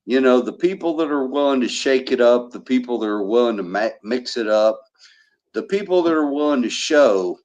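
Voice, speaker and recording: A man's voice: medium pitch, lively intonation, normal speed, a little mellow, highs cut off. A man co-hosting a casual livestream chat, rambling and repeating himself as he talks.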